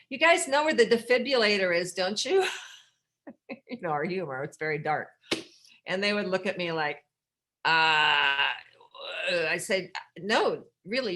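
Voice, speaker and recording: A middle-aged American woman speaking at a recovery workshop, telling her own story in a candid, rambling way with dark humor and many restarts. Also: lowish voice. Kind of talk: personal storytelling share.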